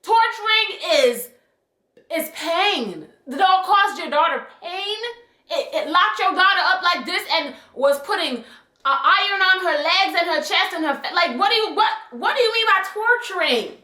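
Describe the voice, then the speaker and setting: A young woman telling a storytime vlog in an animated, sassy and profane way. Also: very high-pitched, normal speed. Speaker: vlogger. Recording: echoey room.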